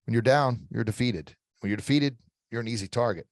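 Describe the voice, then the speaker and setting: A man's voice: medium pitch, a little fast, dry recording, studio quality. A middle-aged man speaking as a guest expert in an interview, giving emphatic motivational coaching advice with repeated phrases and frequent restarts.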